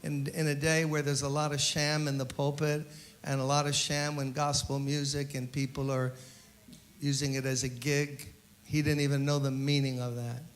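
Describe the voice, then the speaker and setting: A man, a pastor, giving a eulogy at a memorial service as an animated storyteller who acts out the quotes. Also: medium pitch, moderate pace.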